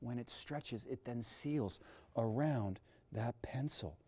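Lively guy showing science tricks to kids in a tv studio, mid pitch, leaps way up when he's excited. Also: slow pace, husky. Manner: energetic and showy, big swings in pitch and loudness. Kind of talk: kids' science demonstration.

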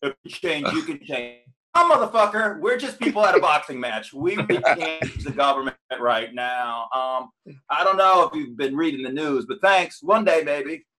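A comedian co-host riffs sarcastically, his pitch bouncing a lot. His voice is bright and forceful, set a little high. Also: animated, moderate pace. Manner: sarcastic riffing. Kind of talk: casual podcast chat.

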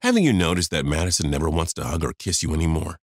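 A man voicing an angry, fed-up wife in her fifties, scolding in sharp outbursts. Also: very deep voice, very animated, quick pace, no echo, studio quality, exaggerated voice.

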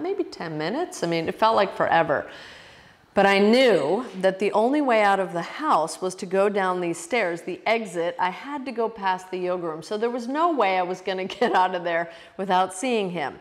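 Casting: expressive woman yoga teacher, personal storytelling, lowish voice, reverberant room. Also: normal speed. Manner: emotional, expressive, restarts often.

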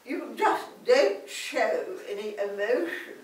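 A woman's voice: fairly high pitch, animated, takes it slowly. A woman voicing a prim aristocratic English duchess with a put-on posh English accent, speaking in an understated, hesitant way. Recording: echoey room, distant mic.

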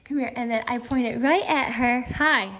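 A woman's voice: a little high, normal speed, fairly bright tone, a little hiss or hum. A middle-aged woman chatting casually to her phone camera in her living room, cooing in baby-talk to her dog between remarks to viewers. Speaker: vlogger. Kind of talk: casual chat. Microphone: phone camera in landscape mode.

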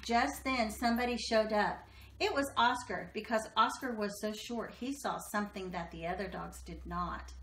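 A woman reading a children's picture book aloud, expressive and slowing down for dramatic moments. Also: medium pitch, a little hiss or hum. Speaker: storybook reader. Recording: echoey room.

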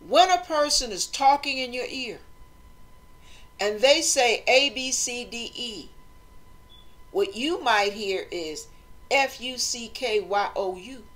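Woman host, motivational talk, slightly high voice, animated delivery that acts out voices. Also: takes it slowly, long pauses. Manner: animated, acts out quoted voices, conversational preaching.

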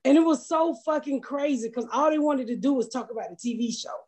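A woman's voice: high-pitched, a little fast, a little mellow. A woman comedian telling brash, profane stories in casual podcast chat, acting out the people she quotes. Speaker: comedian host.

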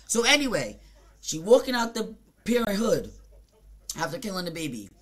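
A streamer from Jamaica with a Jamaican accent, telling a story in a casual, profane, rambling rant full of fillers and quick mimicked asides. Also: mid-range voice, big pitch swings. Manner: mimics other people in short quoted asides.

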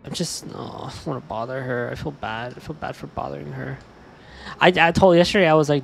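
Young male streamer, mid-pitched, upset and stressed, casual chat full of swearing and "dude", trailing off quietly at times. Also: brisk, vocal fry, slight background noise.

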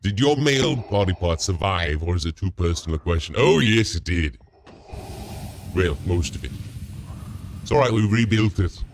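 A man streaming a game while playing a goofy, boastful parody of a dark lord, talking in a slow, self-important, jokey way. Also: deep voice, expressive, slight background noise. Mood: smug. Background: music.

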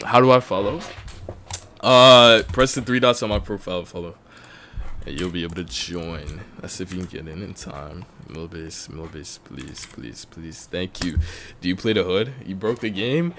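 A man streaming a video game and chatting with viewers, excitable and quick to yell, his voice a little strained from talking for so long. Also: low voice, slight background noise. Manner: excitable, breaks into yelling and laughing bursts. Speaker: streamer host. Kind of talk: casual gaming livestream commentary.

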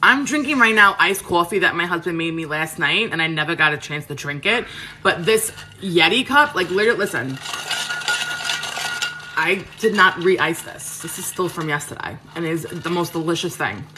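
Chatting live with viewers from her home kitchen, a Queens, New York woman in her 30s answers questions frankly, full of fillers, on her cooking stream. Her voice sits on the low side with lively intonation and a moderate pace, and there's background noise.

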